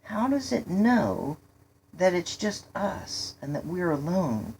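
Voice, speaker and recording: A wary young boy, puzzled and questioning, who senses that something is off, as a woman reading a storybook puts him on. His voice is lifted a touch above the narrator's and slows as he wonders aloud. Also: fairly low pitch, sing-song, a little mellow, a little hiss or hum, pitched above the performer's own voice, rough recording.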